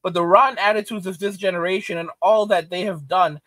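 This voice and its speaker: A middle-aged man with a fairly high voice, ranting animatedly as he reads chat comments aloud. He laughs often and hammers points home by repeating them. The sound is close and dry, with no room around it. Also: steady tone, fairly quick, a bit bright, dry recording. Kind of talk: casual reaction commentary.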